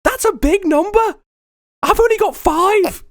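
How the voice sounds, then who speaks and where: A man voicing an overeager young male superfan, gushing with excitement in a tabletop game. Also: extremely high pitch, pitched above the performer's own voice. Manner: gushing, rapid-fire excitement.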